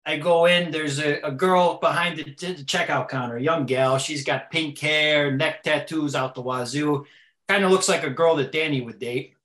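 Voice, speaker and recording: A man's voice: on the high side, normal speed, fairly bright tone, lightly acted. A man playing a brash, rambling tough-guy co-host with a mobster swagger. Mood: boastful. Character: brash rambling male mob-style co-host. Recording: roomy echo.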